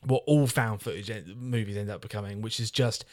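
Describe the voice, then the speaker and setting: A man's voice: fairly low pitch, a little fast, no room sound, clean studio sound. A man ranting and swearing freely while reviewing a film on a casual podcast. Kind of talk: casual chat.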